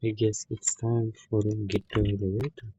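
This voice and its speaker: A gamer gives casual commentary while playing, his lowish voice level in tone and mellow at a moderate pace. He swears often and uses loose, non-native phrasing, captured in a dull lo-fi recording with slight background noise.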